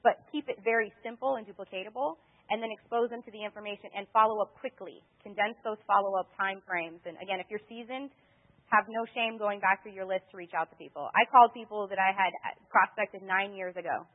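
Woman, sales training talk, rapid delivery, tinny phone audio. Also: medium pitch. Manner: animated storyteller, acts out her own dialogue. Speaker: network marketing trainer.

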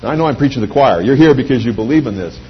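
A middle-aged man giving an anecdotal pitch speech to a live audience, telling lively stories and acting out quoted voices. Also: very fast. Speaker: speaker addressing a sales audience. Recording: dull lo-fi recording with faint hum.

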